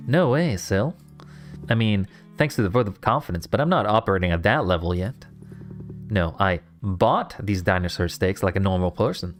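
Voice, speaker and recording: A man's voice: lowish voice, animated, normal speed, close to an everyday voice. A man reading the lines of a confident young woman adventurer in an easygoing, teasing way. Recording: faint guitar music behind.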